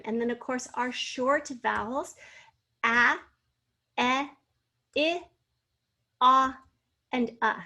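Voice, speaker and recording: Woman teaching spelling, slow and clear. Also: a little high, fairly bright tone. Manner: slow, clearly enunciated, sounding out words. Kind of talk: spelling lesson.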